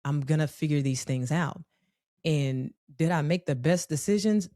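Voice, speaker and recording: A woman telling a personal story in a conversational, animated way, with frequent profanity. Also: sits low, normal speed, no room sound, clean studio sound.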